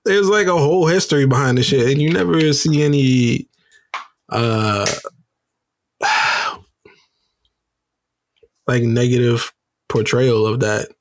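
Brief: unhurried man, podcast co-host, dry close sound, poses questions. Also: mid-range voice, dry recording. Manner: slow, thoughtful, poses questions. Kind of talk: casual chat.

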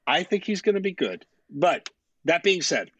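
A man's voice: high voice, very animated, normal speed, over a noisy crowd. A man co-hosting a sports podcast in casual chat, blunt and opinionated, swearing freely. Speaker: podcast co-host.

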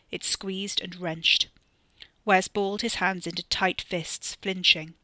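A narrator and author reads his scripted horror story on a close mic, with steady but varied emphasis. His voice is mid-range, and the recording is dry.

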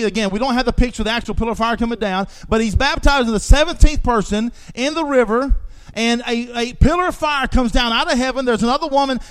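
A man preaching a sermon with emphatic repetition, swinging from hushed asides to shouting. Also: extremely high pitch.

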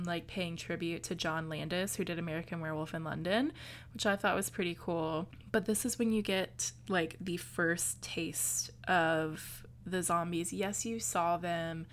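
A woman's voice: lowish voice, fairly bright tone, a little hiss or hum. A woman co-hosting a podcast, chatting casually about a film, swearing freely and acting out quotes. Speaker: podcast co-host.

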